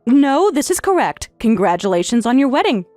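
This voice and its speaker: A woman voicing a middle-aged stepmother, speaking in a calm, detached and formal way. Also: a little high, a little fast, dry recording, faint music behind. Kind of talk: story narration with voiced roles.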